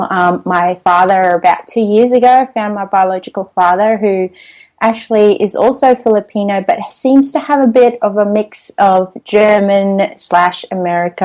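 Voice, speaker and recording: A woman's voice: medium pitch, a little mellow, poor audio. A woman with an Australian accent, a podcast guest in casual interview chat, cheerful and laughing often as she talks.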